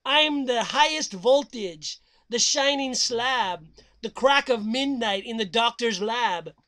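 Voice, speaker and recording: A man voicing a theatrical, menacing male vampire count who declaims slowly and dramatically and cackles. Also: extremely high pitch, lively intonation, sharp tone, voice pushed up, heavily acted.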